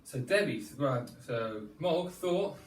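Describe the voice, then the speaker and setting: A man leading a children's storytelling yoga class, playful and animated, coaxing the children through each pose. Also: medium pitch, takes it slowly. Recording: echoey room, distant mic, faint ambience.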